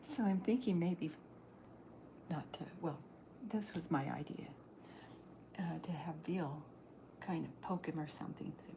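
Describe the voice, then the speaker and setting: A soft-spoken woman with a lowish voice talks through her cartooning in an ASMR stream. She muses aloud and often drifts into a whisper. Steady noise hisses behind her voice. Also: measured pace, pauses often. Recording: noisy background hiss.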